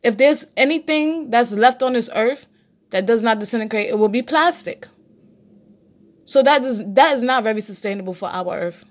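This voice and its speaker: Solo podcast host, woman, blunt and preachy, swears freely, slightly raised pitch. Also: expressive, normal speed. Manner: blunt, preachy, profane, talks straight to listeners. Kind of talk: casual solo podcast monologue.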